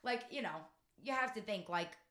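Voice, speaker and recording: A woman's voice: mid-range voice, animated, moderate pace, reverberant, crowd noise. A woman co-hosting a casual chat podcast, talking in a bubbly, rambling way, often laughing and apologizing. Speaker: podcast co-host.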